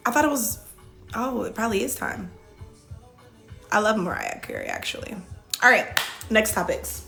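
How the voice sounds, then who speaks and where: A woman talks casually on a livestream, reading viewer comments and answering them in a loose, chatty way full of "like" fillers. Her voice is bright and forward, with faint music playing underneath. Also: on the high side, animated, normal speed, vocal fry, pauses often. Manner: frequent "like" fillers and restarts. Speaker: reality show contestant hosting a live Q&A.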